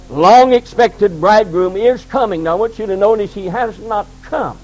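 A man's voice: sits high, low-quality recording. A man preaching a sermon as pastor in a church, building his points through repeated emphatic phrases. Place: church sanctuary.

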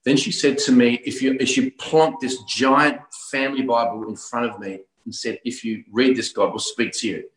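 A man from Australia, middle-aged or older, telling his personal story of religious conversion as a guest, earnest and full of halting restarts. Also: medium pitch, steady tone. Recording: roomy echo.

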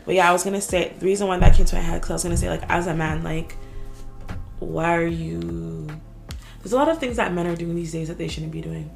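A young woman co-hosting a podcast, telling an animated story in casual chat, full of "like" and swearing. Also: on the low side, a little fast, gravelly, faint music behind. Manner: animated storytelling, swears a lot, heavy filler "like".

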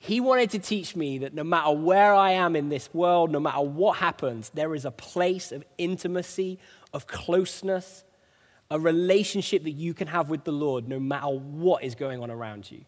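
This preacher's voice sits a little high and moves at normal speed, trailed by a long reverb. Earnest and conversational, he recounts a personal story as testimony in his sermon.

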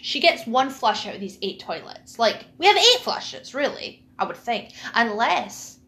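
A woman's voice: a little high, sing-song, measured pace, hardly any pauses, sharp tone. A woman telling a funny childhood story in casual chat, laughing and using lots of fillers.

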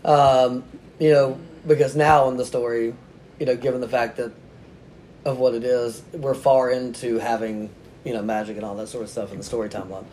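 A man's voice: medium pitch, level tone, normal speed, darkish tone, a little hiss or hum. A man talking as a podcast guest, telling a story in a casual, self-mocking way and laughing often.

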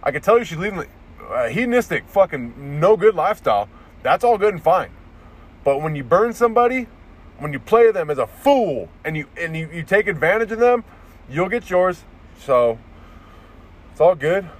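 A man ranting straight to camera, swearing freely and rambling from one grievance to the next. His voice sits a little high for a man, and he keeps tripping over restarts. It sounds like a loose vlog recorded in a vehicle. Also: very animated, moderate pace. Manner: profane, rambling, restarts often. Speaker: vlogger. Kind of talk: casual ranting monologue.

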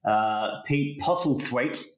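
A man's voice: mid-range voice, slow pace. A man chatting casually about a film, hesitant at times and laughing often. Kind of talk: casual film review chat. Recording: echoey room.

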